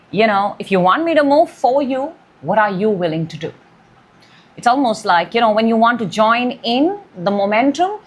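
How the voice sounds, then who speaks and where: A woman's voice: medium pitch, husky. A woman giving a weekly tarot reading, musing and intuitive, drawing out key words. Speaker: tarot reader.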